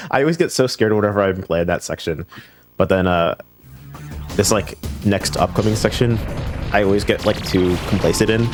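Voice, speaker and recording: Chatty low-voiced male stream commentator. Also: expressive. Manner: chatty and joking, quick asides, laughs easily. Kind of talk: casual live stream commentary. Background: game music.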